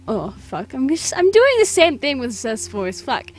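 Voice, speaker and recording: A woman's voice: on the high side, big pitch swings, measured pace, faint music behind. A woman reading through a visual novel with goofy, joking casual commentary and the odd swear.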